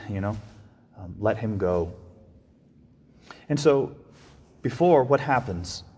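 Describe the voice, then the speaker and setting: A man's voice: on the low side, long reverb tail. A man giving a reflective sermon, often restarting and repeating his phrases. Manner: reflective, with frequent restarts and repetitions. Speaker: preacher.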